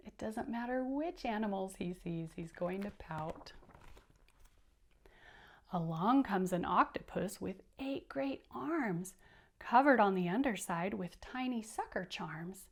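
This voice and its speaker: Animated woman reading to kids. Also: a little high, unhurried. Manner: animated, laughing, explains words to kids. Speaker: teacher. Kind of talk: reading a picture book aloud to children.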